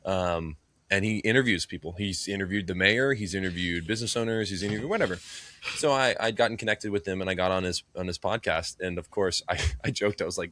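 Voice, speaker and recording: A man co-hosting a podcast in casual chat, telling animated, joking stories. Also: lowish voice, fast, no room sound. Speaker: podcast co-host. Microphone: earbud in one ear.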